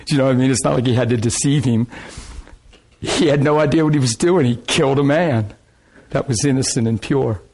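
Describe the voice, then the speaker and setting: A man preaching a sermon, telling a testimony story with excitement, laughing often and repeating phrases. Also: mid-range voice, fairly quick.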